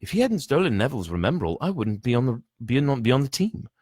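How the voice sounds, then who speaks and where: A man's voice: medium pitch, very animated, fast, a little mellow, no echo, studio quality, voice pushed up. A man voicing a cheeky young boy wizard who sounds gleeful.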